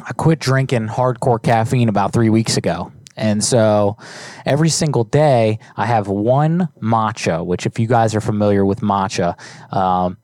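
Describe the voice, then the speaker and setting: A man's voice: on the low side, darkish tone, dry recording. A man hosting a live-streamed prank call show, chatting loosely with lots of swearing and fillers. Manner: loose, profane, rambling with fillers. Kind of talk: casual live-stream chat.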